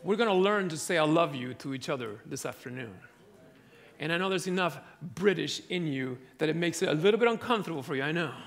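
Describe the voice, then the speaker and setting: A man's voice: on the high side, expressive, fast, vocal fry, noisy background. A man giving a sermon, telling funny stories to an audience that laughs along. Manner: humorous storytelling, audience laughing. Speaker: preacher.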